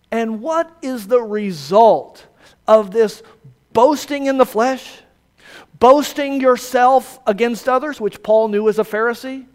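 A man with a very high voice preaches verse by verse, taking his time over each phrase. His tone is smooth and clear, and he leans hard on key words, asks rhetorical questions and sinks to hushed, low endings. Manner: emphatic, poses rhetorical questions, drops to soft low phrases. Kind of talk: expository sermon on a Bible letter.

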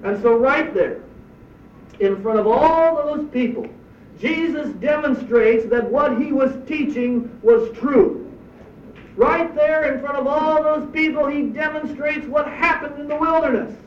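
A man's voice: very high-pitched, a little slow, slight background noise. A man giving a sermon as a pastor, preaching emphatically with rhetorical questions. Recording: echoey distant dull church recording.

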